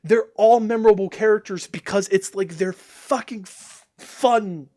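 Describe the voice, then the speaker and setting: A man's voice: high voice, measured pace, a little mellow. A man streaming a game, ranting casually and crudely with many restarts and exasperated outbursts. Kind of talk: casual ranting chat while gaming.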